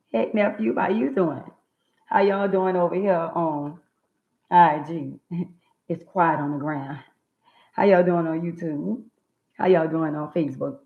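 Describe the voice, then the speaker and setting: A woman hosting a casual livestream, greeting viewers by name in a chatty, drawn-out way. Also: fairly low pitch, gravelly. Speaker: livestream host. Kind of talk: casual live chat. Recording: tinny phone-like sound in an echoey room.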